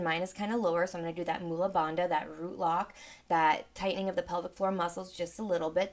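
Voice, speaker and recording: A woman leading a guided sound healing meditation with gentle, soothing, unhurried guidance. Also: fairly low pitch. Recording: roomy with a long reverb tail.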